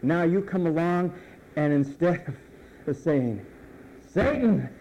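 A man's voice: on the high side, takes it slowly, mellow, poor audio. A male pastor preaching a sermon emphatically, drawing out phrase endings and letting them fall.

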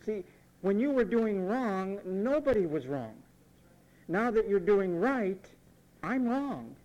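A man preaching a sermon, emphatic and repetitive, mimicking what others say in quick asides. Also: high voice, lively intonation, darkish tone, rough recording.

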